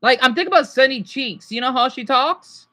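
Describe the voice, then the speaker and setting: A woman's voice: sits high, brisk, fairly bright tone. A woman streaming live and chatting casually with her viewers.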